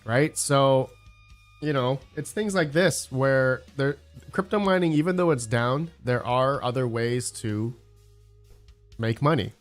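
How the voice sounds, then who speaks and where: A man's voice: medium pitch, slow pace, faint music behind. Rambling man hosting a mining livestream. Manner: rambling, searching for words, many fillers. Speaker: crypto mining channel host. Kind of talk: casual livestream chat.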